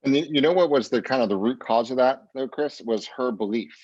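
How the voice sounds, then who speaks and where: A man's voice: medium pitch, fairly quick, darkish tone, no room sound, muffled recording. A man leading a sales training session for real estate agents, talking emphatically and motivationally. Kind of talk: coaching talk.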